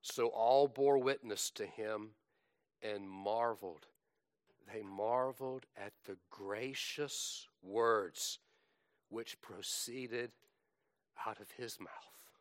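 A man preaching a sermon, reciting scripture in a slow, dramatic delivery that swells and drops. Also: fairly low pitch, dry recording, studio quality.

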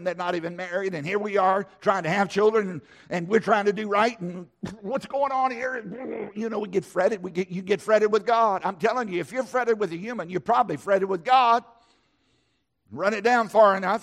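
A man's voice: sits high, creaky. A middle-aged man preaching a sermon, emphatic and repetitive, with a preacher's cadence. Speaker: pastor.

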